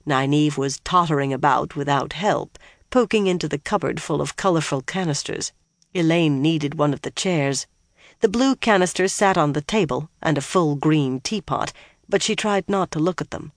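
In a dry, dead booth free of room echo, a narrator reads a fantasy audiobook. The mid-pitched voice, neither high nor low, stays steady and even, never rushing.

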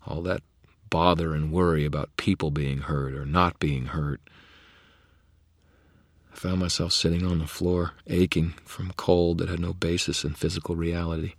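A man's voice: sits low, no room sound, clean studio sound. A man narrating a first-person story in a gritty, understated way. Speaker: audiobook narrator.

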